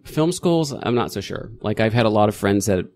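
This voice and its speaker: A middle-aged man chatting as a podcast guest, rambling and correcting himself as he tells stories with lively energy. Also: fairly low pitch, a little fast. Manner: rambling, self-correcting, animated storytelling. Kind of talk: casual interview chat.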